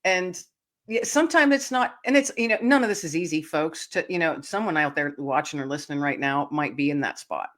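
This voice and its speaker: A woman's voice: low voice, a little fast, a bit bright. A woman hosting a podcast, tearful and earnest as she tells a personal story and speaks directly to her listeners. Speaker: podcast host.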